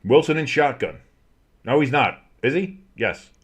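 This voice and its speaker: Excitable man calling football play-by-play. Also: medium pitch, a little slow, lo-fi sound. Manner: excitable, crude jokes, shouts on big plays. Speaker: play-by-play host. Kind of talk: fan play-by-play commentary.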